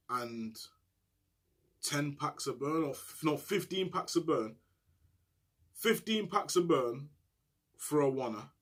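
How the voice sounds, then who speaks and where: A man telling a story to camera in heavy street slang, animated and often checking in with "you get me". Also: mid-range voice. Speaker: storyteller recounting prison life.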